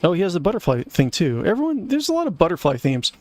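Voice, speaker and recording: A man's voice: high-pitched, huge pitch swings, fast, dry recording. A man live-streaming a game, reacting with puzzled, chatty comments to the story.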